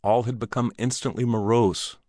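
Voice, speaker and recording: A man reading an old Western short story aloud in a measured, descriptive way. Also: medium pitch, fairly even intonation, mellow, dry recording, clean studio sound. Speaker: narrator. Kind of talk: audiobook narration.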